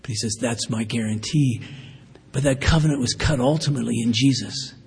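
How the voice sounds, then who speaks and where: Husky male preacher in a reverberant hall. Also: mid-range voice, a little mellow. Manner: conversational, earnest, with fillers and asides. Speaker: pastor. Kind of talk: sermon.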